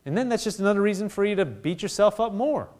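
A male pastor preaching a sermon in a conversational way, acting out little dialogues and dropping to hushed intensity. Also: high-pitched, fast talker. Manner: animated preaching, acts out voices of God and people.

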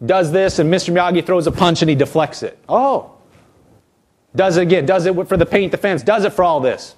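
A man preaching a sermon as pastor, lively and animated, acting out quotes from the people he talks about. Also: high-pitched, fairly quick.

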